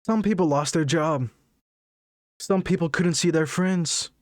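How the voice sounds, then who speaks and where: A young man in his late teens or twenties, telling a jokey story for his vlog with sudden high squeaks of excitement. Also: unhurried, dry recording, clean studio sound. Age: young adult. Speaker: vlogger.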